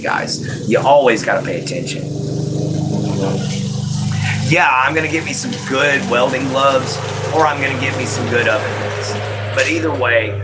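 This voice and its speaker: A man's voice: medium pitch, pushed and bright, slight background noise, rough recording. A man hosting a casual home live stream, drawling and easygoing as he answers chat by name. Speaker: livestream host. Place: at home, moving to back porch.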